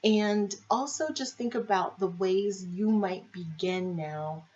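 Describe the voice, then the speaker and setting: A woman's voice: mid-range voice, slow pace, darkish tone, muffled recording. A woman life and marriage coach talking to viewers, asking many reflective questions and often checking in with "right?". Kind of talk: coaching video monologue to viewers.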